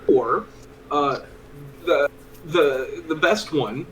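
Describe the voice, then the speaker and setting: A man's voice: a little high, very slow, long pauses, a bit bright, slight background noise, low-quality recording. A man playing a tabletop game, joking around in a playful, mock-dramatic way. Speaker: player. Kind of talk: joking casual chat.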